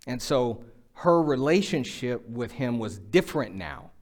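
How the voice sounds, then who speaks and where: A man's voice: animated, a little slow. Conversational man preaching a sermon. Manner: conversational preaching, acts out quotes with rising pitch. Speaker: pastor.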